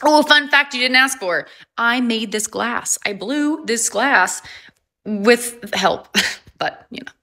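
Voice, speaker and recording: A woman's voice: on the high side, takes it slowly, sharp tone. A woman, chatting casually and upbeat on a livestream and laughing often. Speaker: livestream host.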